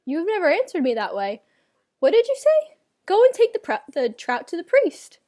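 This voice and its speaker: A woman's voice: fairly high pitch, lively intonation, unhurried, darkish tone. Woman doing an insistent storybook father. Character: stern father of a little boy.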